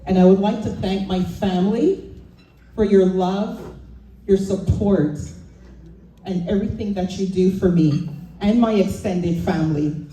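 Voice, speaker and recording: Casting note: woman, slow, warm-toned acceptance speech, heard from a distance in a reverberant hall. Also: medium pitch, slight background noise. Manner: grateful, heartfelt and measured. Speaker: award recipient giving acceptance speech. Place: event hall. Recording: echoey hall, distant mic, faint ambience.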